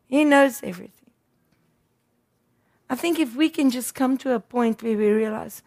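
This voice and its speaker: A woman's voice: high voice, normal speed, pauses often, a little mellow. A woman preaching a sermon, emphatic and repeating words for stress.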